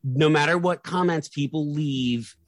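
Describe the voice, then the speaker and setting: A man's voice: a little high, a little slow, no room sound. A man co-hosting a podcast, joking around in casual chat, stumbling and restarting his sentences. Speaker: podcast co-host.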